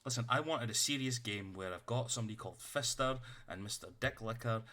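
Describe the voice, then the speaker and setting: On a streaming mic, a game master with a mid-range, bright, forceful voice talks a little fast. He's chatting out of character while running a tabletop game, rambling and swearing freely.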